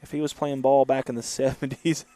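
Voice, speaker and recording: A man's voice: mid-range voice, level tone, a little fast, dark tone, no room sound. A man hosting a casual livestream from a moving car, chatting and reading viewer comments aloud. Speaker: livestream host. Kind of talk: casual driving livestream chat.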